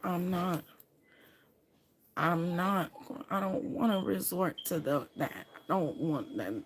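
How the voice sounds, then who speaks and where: A woman talking on her own live stream in a rambling, halting way, often repeating herself. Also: on the low side, animated, slight background noise. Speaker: livestreamer. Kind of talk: emotional live stream chat.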